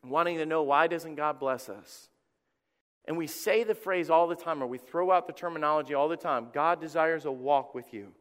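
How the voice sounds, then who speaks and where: Middle-aged male pastor, high voice, chatty animated sermon delivery, church reverb. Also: moderate pace. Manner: conversational, animated storytelling with acted quotes. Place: church sanctuary. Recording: long reverb of a church hall.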